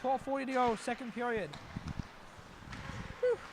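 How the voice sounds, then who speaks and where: A young man calling live hockey play-by-play, quick and excitable, jumping to shouts when a chance comes. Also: extremely high pitch, background noise. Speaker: play-by-play commentator.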